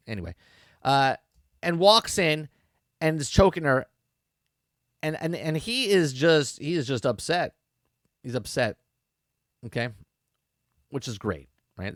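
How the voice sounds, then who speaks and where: A man's voice: mid-range voice, dry recording, studio quality. A man hosting a podcast, giving a rambling, exasperated spoken review that repeats its points and swears freely. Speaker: podcast host. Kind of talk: casual show review commentary.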